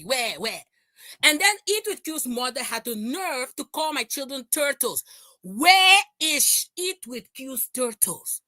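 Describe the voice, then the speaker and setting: A woman's voice: high-pitched, sharp tone, no room sound, studio quality. A middle-aged woman hosting a livestream, ranting in a confrontational way and repeating her lines. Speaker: livestream host. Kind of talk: heated livestream rant.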